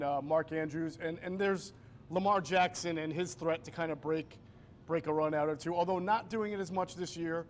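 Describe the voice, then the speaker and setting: A man's voice: a little high, slight background noise. A man hosting a pregame football show, moving the panel along and reading a sponsor plug in an upbeat way. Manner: upbeat, reads promos. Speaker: show host.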